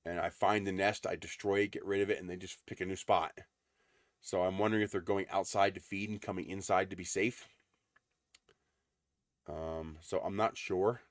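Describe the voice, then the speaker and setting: Low-voiced man rambling on a livestream. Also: steady tone, moderate pace, no room sound, clean studio sound. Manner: rambling storyteller with frequent ums. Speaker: livestream host. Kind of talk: casual livestream chat. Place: home in the desert.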